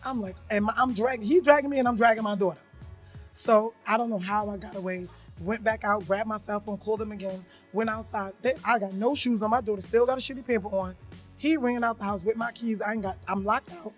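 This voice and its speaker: A woman's voice: medium pitch, a little fast, soft background music. A woman co-hosting a podcast, telling a personal story bluntly in casual chat and acting out the voices she quotes. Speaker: podcast co-host.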